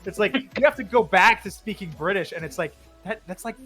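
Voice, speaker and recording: A man's voice: high-pitched, lively intonation, fairly quick, bright, forceful tone, soft background music. A man hosting a casual podcast-style chat on his stream, rambling with lots of "like" and restarts. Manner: rambling, heavy use of "like", frequent restarts. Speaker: streamer host.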